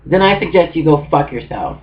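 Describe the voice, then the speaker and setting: A woman's voice: sits low, very animated, brisk, voice pushed up. A man reading aloud, voicing a blunt, sarcastic woman in her thirties. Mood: scornful. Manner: sarcastic, crude put-downs. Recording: muffled with guitar music.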